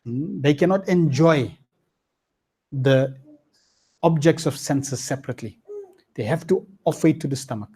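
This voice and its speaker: Guy giving a scripture class, husky voice, chatty, lots of "hmm?". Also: normal speed, pauses often. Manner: lively, swinging pitch, slangy asides and frequent "hmm?". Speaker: spiritual teacher.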